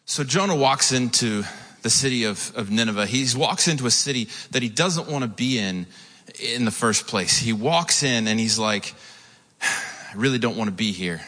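A man's voice: mid-range voice, lively intonation, normal speed, pushed and bright. A man preaching a sermon as a pastor, retelling a story in a casual, conversational way with asides. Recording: echoey hall.

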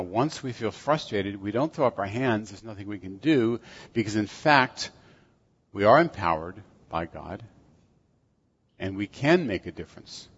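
An older man preaching a sermon, earnest and measured, with a fairly low voice. The sound is dull and lo-fi, and the voice trails off into a long reverb that fills the hall. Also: husky. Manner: earnest, measured, self-deprecating asides.

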